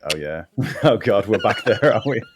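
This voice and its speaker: A man in his forties from Liverpool with a Scouse accent, a podcast guest talking through his past in casual conversation, halting with many restarts. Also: fairly low pitch, sing-song, background noise. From Liverpool, England. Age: 40s. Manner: halting, restarts often, laughs easily.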